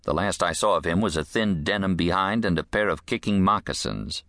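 A man narrating an audiobook in a crisp, dry, expressive manner. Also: low-pitched, fairly quick, no echo.

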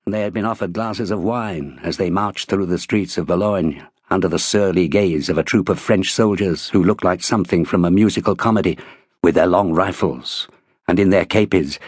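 A low, husky male voice reads an audiobook in a measured, steady way. The sound is close and completely dry, from a studio microphone. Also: no echo. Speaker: audiobook narrator. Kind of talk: scripted narration.

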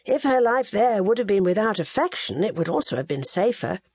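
A woman reading an audiobook in measured scripted narration. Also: mid-range voice, very animated, darkish tone, breathy edge, no room sound, studio quality.

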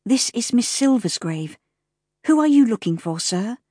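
A woman's voice: a little high, big pitch swings, a little slow, warm tone, husky, dry recording, clean studio sound, voice pushed up, exaggerated voice. A woman reading a kind, earnest young woman. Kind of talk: audiobook character voice.

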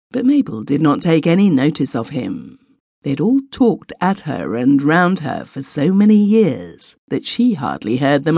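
A woman narrating a classic short story in a measured, expressive audiobook reading. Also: a bass voice, gravelly, breathy edge, no echo, clean studio sound. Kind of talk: scripted literary narration.

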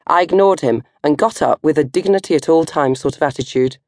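Older lady reading her funny teen book, low voice that squeaks way up for jokes, dry sound. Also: a little fast, no room sound. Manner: animated, comic, jumping to high squeals for effect. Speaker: author reading her own novel. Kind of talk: comic first-person audiobook narration.

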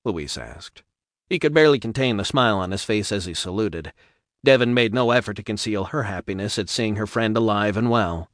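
A man reading a science fiction audiobook in a steady, even narration on a studio mic. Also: on the low side, moderate pace, no room sound. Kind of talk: scripted narration.

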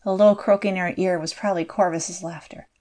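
Measured woman audiobook narrator. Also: fairly low pitch, steady tone, darkish tone. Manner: measured storytelling. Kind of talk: scripted narration.

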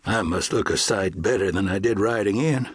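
Polite western lawman, low and quiet, a bit husky, as the narrator voices him. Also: moderate pace, dry recording, studio quality. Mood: earnest. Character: principled, modest frontier lawman.

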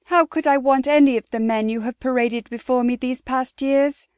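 A woman's voice: sits high, steady tone, moderate pace, a little mellow, smooth, no echo, clean studio sound, voice pushed up, close to an everyday voice. A woman voicing a defiant, fiery young noblewoman in an audiobook, speaking indignantly. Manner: indignant, emphatic. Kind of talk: audiobook character voice.

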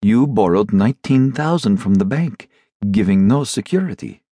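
A man voicing a calm, indifferent male town secretary who lectures dryly, in an audiobook reading. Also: lowish voice, normal speed, husky, no room sound.

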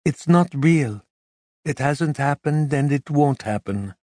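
A man's voice: a little high, animated, takes it slowly, a little mellow, no room sound, studio quality, pitched above the performer's own voice. A male audiobook narrator voicing an intense, impatient but caring woman, raising his voice and speaking with urgency. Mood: soothing. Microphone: close studio mic.

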